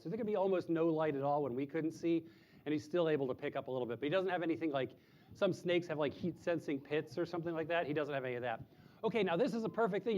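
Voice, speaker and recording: A man with a slightly mellow voice shows live animals to a group of children, chatting and explaining things simply. Now and then he imitates owl hoots in a high voice, and the sound is lo-fi.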